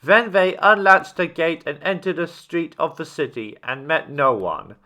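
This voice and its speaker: A man reading a children's story aloud, steady with small slips and restarts. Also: on the high side, unhurried.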